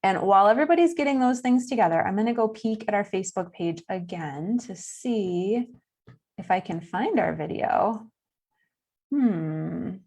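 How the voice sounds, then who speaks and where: A young woman teaches children about animal senses over a live stream. Her pitch sits in the middle range, and her delivery is chatty and playful, with little laughs at her own jokes. She sounds like a camp educator talking from home. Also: expressive, normal speed, a little mellow. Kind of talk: live-streamed kids' science lesson.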